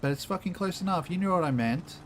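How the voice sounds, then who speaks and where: A man's voice: sits high, animated, fast talker, fairly bright tone, a little hiss or hum. A young Australian man streaming a game, chatting with viewers in a loose, joking way, swearing freely and laughing often. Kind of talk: casual gameplay commentary, chatting with viewers.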